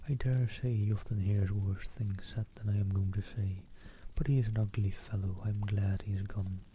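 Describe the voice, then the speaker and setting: A man reading aloud, softly voicing a giddy, boastful teenage girl. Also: fairly low pitch, fairly even intonation, normal speed, a little hiss or hum, lightly acted. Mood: gossipy. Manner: soft, hushed reading voice.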